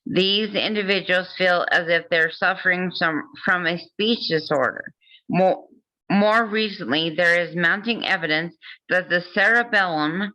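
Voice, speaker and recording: A woman's voice: lowish voice, sharp tone, muffled recording. A woman hosting a casual talk, reading passages aloud and adding joking asides. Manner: reads passages then comments with jokes and laughs. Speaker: host.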